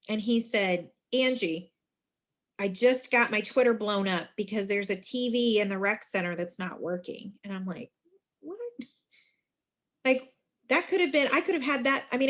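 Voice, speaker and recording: Friendly woman giving a leadership talk. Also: high-pitched. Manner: friendly, addresses listeners as friends; lively storytelling with emphatic asides. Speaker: university student involvement director.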